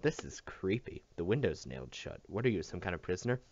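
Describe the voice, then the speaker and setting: A man's voice: sits low, sing-song, fairly quick, a little mellow. A man doing a bossy teenage boy. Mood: brusque. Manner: curt, commanding. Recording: dull dry recording.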